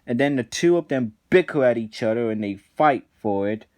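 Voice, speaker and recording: A man's voice: mid-range voice, animated, moderate pace, darkish tone. A man reviewing cartoon episodes in a ranting commentary, indignant and exasperated, often restarting his sentences.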